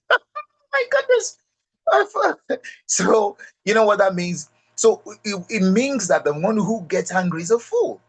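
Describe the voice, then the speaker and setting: Man, Nigerian accent, middle-aged, motivational speaker, emphatic and repetitive, husky voice. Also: on the high side. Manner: emphatic, repeats key lines, addresses audience directly. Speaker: leadership speaker. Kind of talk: motivational talk.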